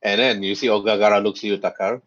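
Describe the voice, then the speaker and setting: A man narrating as game master of a tabletop game, with quick put-on voices for side characters. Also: fairly low pitch, steady tone, fairly bright tone. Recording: dull lo-fi voice chat audio.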